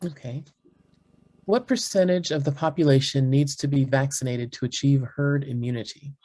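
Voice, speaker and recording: A man's voice: medium pitch, steady tone, normal speed, a little mellow. A man moderating a webinar, thanking the guest and reading audience questions. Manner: reads out questions plainly.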